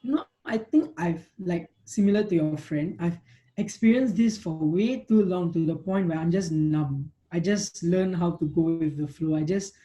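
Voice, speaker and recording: A man's voice: on the high side, moderate pace, warm tone, low-quality recording. A young man in his twenties with a Singaporean English accent, a guest in a casual chat, explaining his views earnestly. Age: 20s. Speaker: guest, medical student.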